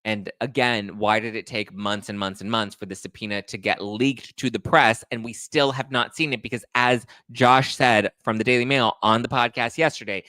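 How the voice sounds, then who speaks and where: A man's voice: lowish voice, pushed and bright, no echo. A man hosting a gossip commentary show, reading articles aloud and ranting at them sarcastically, getting more and more worked up.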